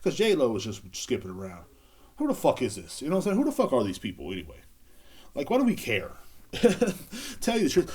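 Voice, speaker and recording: A man's voice: medium pitch, darkish tone, husky. Man, young adult, podcast host, casual solo rant, sarcastic, profane, rambling.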